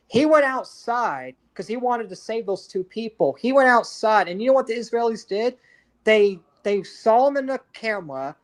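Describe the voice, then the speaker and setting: A man co-hosting a podcast, ranting in heated, profane casual chat with frequent restarts. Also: sits high. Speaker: podcast co-host.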